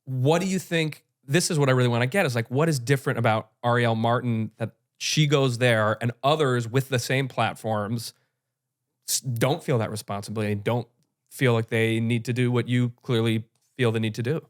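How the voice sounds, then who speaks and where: A man's voice: medium pitch, steady tone, moderate pace. Probing male podcast host. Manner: probing, presses for more. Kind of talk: interview questions.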